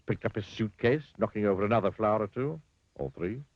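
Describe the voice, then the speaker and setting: A man's voice: lowish voice, animated, fairly quick, darkish tone, no room sound. A man reading a children's story in a dry, wry storybook manner. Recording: dull lo-fi dry recording.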